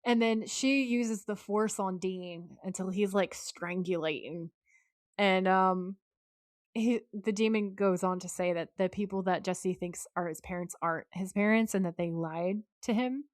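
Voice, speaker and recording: A woman's voice: medium pitch, a little slow, no room sound, clean studio sound. A woman co-hosting a podcast, recapping a TV episode in casual chat and quoting the characters' lines. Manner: recounts scenes at length, acting out the lines she quotes. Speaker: podcast co-host.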